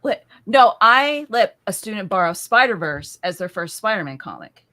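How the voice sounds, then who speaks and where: A woman who teaches, co-hosting a live question-and-answer chat in a playful, animated way. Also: mid-range voice, normal speed. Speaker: co-host, teacher.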